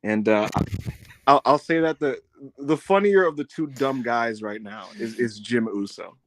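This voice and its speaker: A man co-hosting a podcast in casual chat, animated and swearing freely as he acts out quotes. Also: mid-range voice, a little slow. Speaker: podcast co-host.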